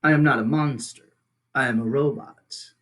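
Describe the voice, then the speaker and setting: A man reading aloud as a polite female robot, speaking in a gentle, formal and measured way. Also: medium pitch, steady tone, close to an everyday voice.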